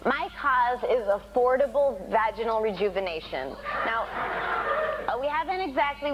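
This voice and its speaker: A woman comedian on a panel show, giving joke advice in a dry, deadpan, sarcastic way. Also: fairly high pitch. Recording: muffled TV audio with faint noise.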